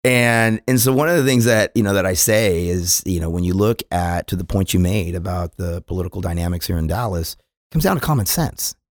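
A man's voice: low voice, a little fast, no room sound, clean studio sound. A middle-aged man from California, a police chief answering podcast questions earnestly, often restarting and repeating words. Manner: earnest, repeats words when starting sentences.

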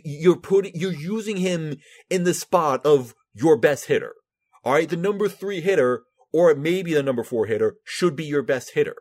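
A man hosting a solo sports podcast, talking animatedly, often restarting and repeating himself. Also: a little high. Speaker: podcast host.

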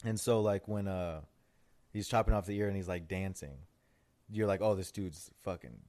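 Deep-voiced young man chatting loosely. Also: fairly even intonation, moderate pace, a little mellow. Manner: loose, rambling, swears freely. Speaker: podcast co-host. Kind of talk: casual chat.

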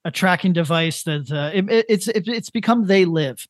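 A man in his thirties co-hosting a casual comedic podcast, rambling in a deadpan way with lots of restarts. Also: high voice, moderate pace, no room sound. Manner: rambling, deadpan, building to a prank. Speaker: podcast co-host.

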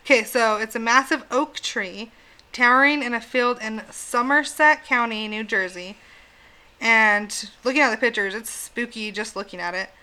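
A woman's voice: fairly high pitch, normal speed, pushed and bright, clear, resonant tone. A woman hosting a casual podcast, telling a spooky legend in a chatty way, swearing freely and laughing often. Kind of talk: casual chat.

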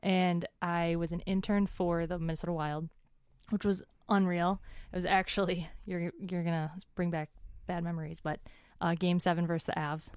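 A woman's voice: on the low side, level tone, moderate pace, darkish tone, clean tone, dry recording, studio quality. A woman in her twenties, an interview guest, animatedly telling a chatty story and acting out what people said.

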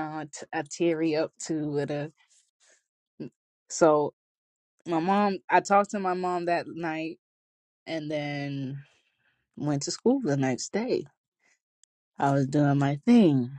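A woman's voice: low voice, mellow, no room sound. A young adult woman vlogging, telling casual stories in a chatty, slangy way and laughing often. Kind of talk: casual storytelling to camera.

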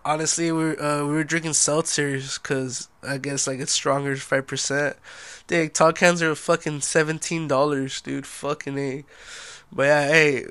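A man's voice: fairly high pitch, little pitch movement, moderate pace, bright, forceful tone, clean tone, dry recording. A young man hosting a casual solo podcast, laid-back and a little tipsy and sluggish, swearing constantly and saying "dude" a lot. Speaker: podcast host.

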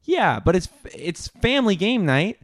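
A man's voice: high-pitched, sing-song, a little slow. Rambling, stammering man hosting a comedy show. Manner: rambling and hesitant, full of stammers and comic excuses. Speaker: podcast host. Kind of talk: improvised comedy banter.

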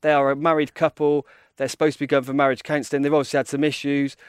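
A man's voice: fairly high pitch, little pitch movement, fast talker, clean tone, no room sound, studio quality. A man reviewing a show, summing it up in an enthusiastic, matter-of-fact way. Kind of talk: casual review chat.

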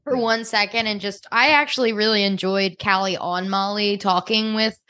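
A woman co-hosting a casual TV recap podcast, retelling scenes in an animated way and acting out the characters. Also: mid-range voice, normal speed. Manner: animated storytelling, acts out scenes. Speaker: podcast co-host.

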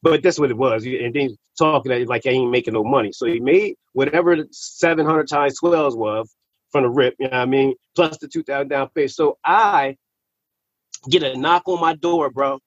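Animated, slangy man with a husky voice. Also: mid-range voice, normal speed, no room sound. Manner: animated, slangy and profane, repeats words when worked up. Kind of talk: casual storytelling. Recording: slightly muffled recording.

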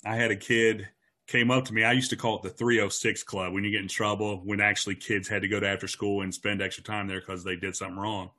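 A man's voice: on the low side, quick pace. A man, a teacher, telling a story from his teaching days in a casual chat, acting out the voices of the people in it. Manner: animated anecdote teller who acts out quoted voices.

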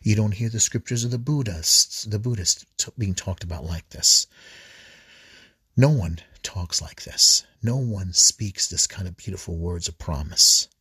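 A man preaching an earnest, repetitive reflection on scripture readings for a podcast, often restarting phrases and clearing his throat. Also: sits low, a little slow, bright, forceful tone, no room sound, clean studio sound.

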